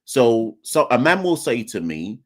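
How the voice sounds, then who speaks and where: A man's voice: medium pitch, big pitch swings, measured pace. A young man with an English accent, born in Jamaica, hosting a live call-in podcast in a rambling, conversational way full of restarts. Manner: rambling, self-correcting, conversational. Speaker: podcast host.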